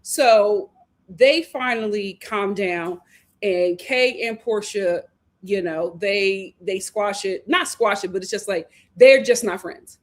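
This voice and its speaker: A woman hosting a live reality TV review in casual chat, animated, laughing and acting out what the cast said. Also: mid-range voice, takes it slowly. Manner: animated, acts out cast members' lines, laughs often. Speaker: reality TV recap host.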